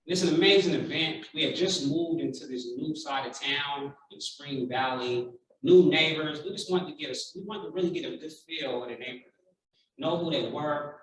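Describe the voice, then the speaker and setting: Man, 30s, keynote speaker; heartfelt, animated storyteller; bright tone, far off in a booming hall. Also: moderate pace. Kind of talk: personal storytelling keynote speech. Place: large conference room.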